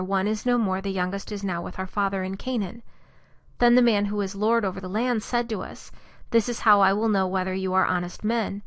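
A woman's voice: mid-range voice, fairly bright tone, dry recording. Woman reading scripture, dry close sound. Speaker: scripture reader.

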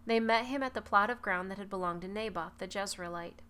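A woman reads a long Bible passage aloud in a measured, even way, now and then stopping to correct a slipped word. Her voice sits at a middle pitch for a woman. A faint hiss of background noise runs under the recording. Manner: measured reading with occasional self-corrections. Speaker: Bible reader. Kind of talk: scripture reading.

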